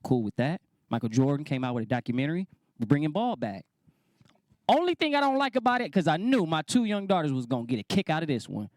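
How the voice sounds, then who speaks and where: A man's voice: on the high side, wildly swooping pitch, fast talker, no echo, studio quality. A man in his thirties doing stand-up, riffing loosely and chatting with the crowd. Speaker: stand-up comedian. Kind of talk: stand-up comedy. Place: comedy club stage.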